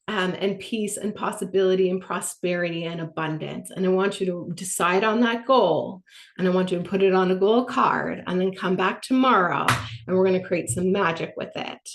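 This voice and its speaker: Woman coach, peppy and encouraging, talking over a video call, lots of room echo. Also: medium pitch. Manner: upbeat, encouraging, motivational. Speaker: business coach and workshop host. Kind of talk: live online workshop teaching.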